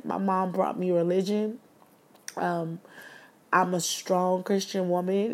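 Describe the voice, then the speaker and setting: A woman in her thirties talks straight to her listeners in a heartfelt podcast monologue. Her voice sits low and gravelly with a dark, mellow tone. She rambles earnestly, leaning on fillers as feeling rises. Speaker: podcast host.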